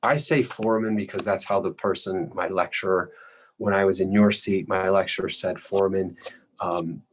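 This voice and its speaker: A man with a very low voice teaches anatomy in a plain, patient way, sketching as he goes and clearing his throat now and then. A faint hiss sits under the recording. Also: fairly even intonation, moderate pace, poor audio. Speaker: anatomy lecturer. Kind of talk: recorded lecture while drawing.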